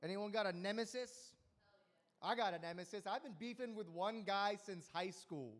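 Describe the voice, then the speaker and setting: High-voiced young man doing crude stand-up. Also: normal speed. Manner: crude, rambling, deadpan punchlines. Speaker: stand-up comedian. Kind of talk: stand-up set at an open mic.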